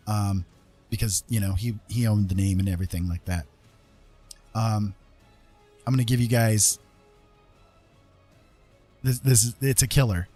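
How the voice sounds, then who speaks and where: A middle-aged man hosting a livestream, talking casually in a loose, rambling way with lots of fillers and restarts. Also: on the low side. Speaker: livestream host.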